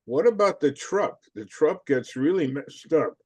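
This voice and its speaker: A man's voice: on the high side, expressive, measured pace, a little mellow, breathy edge, no echo. Male student in a study class, persistent and pointed, dry sound. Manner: persistent, presses his point. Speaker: class participant.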